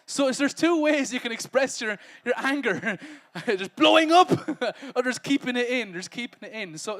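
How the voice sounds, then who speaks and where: A man's voice: high-pitched, a bit bright. A male pastor preaching a humorous, conversational sermon and acting out everyday scenes.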